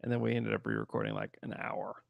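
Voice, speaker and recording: A man's voice: fairly low pitch, very animated, fast talker, creaky, dry recording. A man co-hosting a basketball podcast, telling a story in a chatty way. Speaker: podcast co-host. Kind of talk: casual sports podcast chat.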